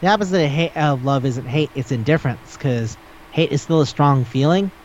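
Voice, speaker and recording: A podcast host in loose, casual chat, a man who circles back over his words and swears offhandedly. His voice sits a touch higher than most men's, and the recording is a little dull with faint hiss underneath. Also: fairly quick.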